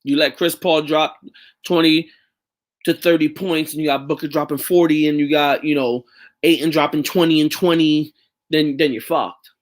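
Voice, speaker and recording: A man's voice: a little high, steady tone, moderate pace. A man hosting a casual sports talk show, rambling loosely and swearing freely. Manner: loose and profane, rambling with restarts. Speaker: podcast host.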